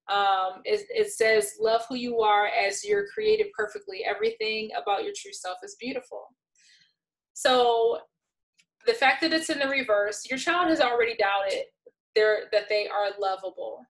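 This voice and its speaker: On a rough recording, a woman with a voice on the high side reads tarot casually. She is playful and exasperated, laughs a lot, and alternates between soft mutters and loud bursts.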